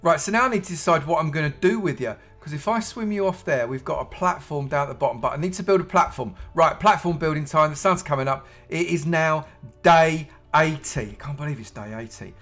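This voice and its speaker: A British man commentating on his own gameplay in a bright, forceful voice pitched a little high. He chatters away, talking to himself and to the creatures on screen, and bursts into excited shouts. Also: fairly quick, faint music behind. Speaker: gaming YouTuber.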